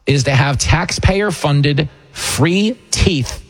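Man, middle-aged, radio talk host, sarcastic, mocking, slightly husky. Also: fairly high pitch. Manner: mocking, rapid asides with mimicked voices. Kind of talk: sarcastic political radio commentary.

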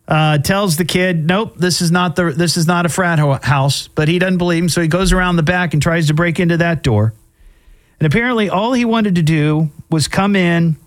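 A middle-aged man hosting a show, casually commenting on odd news stories with wry asides and frequent fillers. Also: fairly high pitch. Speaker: host.

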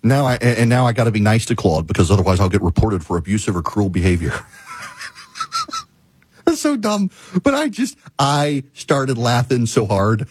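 With an expressive voice at normal speed and a faint hiss or hum underneath, a man hosting a talk show rants through his stories. Exasperated and emphatic, he hammers points by repeating them, laughing in the middle of sentences and bursting into high-pitched exclamations.

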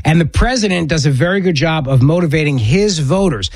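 Animated, dry-voiced radio host man. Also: a little high, dry recording. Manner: emphatic, opinionated, quick bursts with restarts. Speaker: radio talk show host. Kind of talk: political talk radio commentary.

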